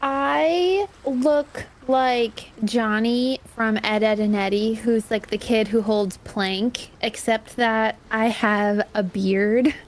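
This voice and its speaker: A woman player describing her character in a loose, chatty way. Her voice is mid-pitched, casual and quick to laugh. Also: flat delivery. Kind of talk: casual chat.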